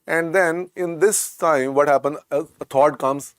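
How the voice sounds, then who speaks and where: A man's voice: on the high side, moderate pace, hardly any pauses, no room sound, studio quality. A man with an Indian English accent teaching a medical exam class, repeating key points and coaxing his students with the word beta. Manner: repetitive, coaxing, keeps calling students "beta". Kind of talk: lecture.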